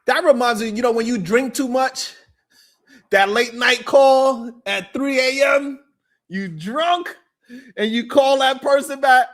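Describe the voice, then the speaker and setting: High-voiced blunt male show host. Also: takes it slowly, fairly bright tone. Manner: blunt, incredulous, bursts into laughter. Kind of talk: heated panel debate.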